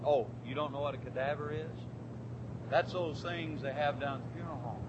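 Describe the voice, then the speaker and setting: A man preaching a sermon in a church, fervent, swinging from quiet, drawn-out words to shouted declarations. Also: fairly high pitch, steady tone, lo-fi sound, very noisy.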